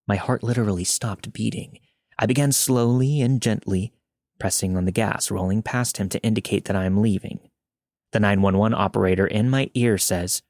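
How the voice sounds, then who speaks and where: A man narrating a listener's true scary story in a calm, measured reading. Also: on the low side, no echo, studio quality. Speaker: podcast narrator.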